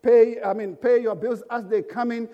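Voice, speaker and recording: High-voiced male pastor preaching in a hall. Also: steady tone, moderate pace, dull audio. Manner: emphatic, asks the congregation for amens. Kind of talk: sermon. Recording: echoey church hall.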